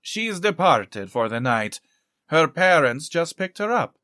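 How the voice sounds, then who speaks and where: A man's voice: a little high, sing-song, takes it slowly, bright, forceful tone, no echo, clean studio sound, pitched above the performer's own voice, full character voice. A man voicing a polite, smiling sinister man. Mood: suave.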